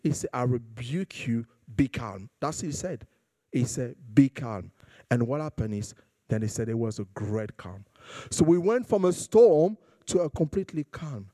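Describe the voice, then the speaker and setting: Casting: male preacher, slightly high voice with a mellow tone, dry close sound, conversational sermon that swells into fervent emphasis. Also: expressive, normal speed, dry recording.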